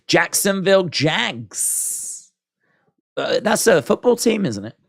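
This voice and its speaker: A man's voice: high voice, very animated, slow, gravelly, dry recording, studio quality. A British man hosting a casual live stream, musing aloud, reading out viewer comments and poking fun at himself. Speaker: livestream watch-along host.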